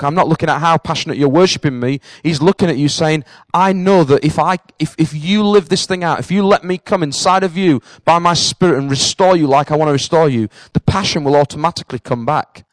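A man's voice: fairly high pitch, no room sound, rough recording. A man preaching a sermon in an earnest voice that rises to fervent passion.

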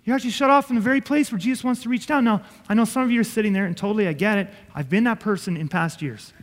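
A man's voice: sits high, racing, big-room sound. A man preaching a sermon as pastor, earnest and conversational, with self-deprecating asides.

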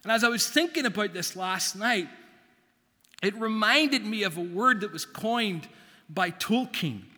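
A pastor preaching a sermon in a church, measured and deliberate, with long pauses for emphasis. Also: male voice, sits high, expressive, sharp tone. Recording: long reverb of a church hall.

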